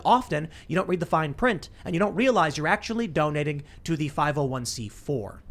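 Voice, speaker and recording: Podcast guy talking super fast, kinda high voice, rambly stories. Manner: fast, rambling storytelling with restarts. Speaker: podcast host. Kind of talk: casual panel talk.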